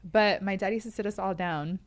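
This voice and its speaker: A woman's voice: mid-range voice, fairly quick. A woman with a Southeast San Diego accent hosting a casual podcast conversation, telling stories and laughing often. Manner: chatty storyteller, laughs often. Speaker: podcast host.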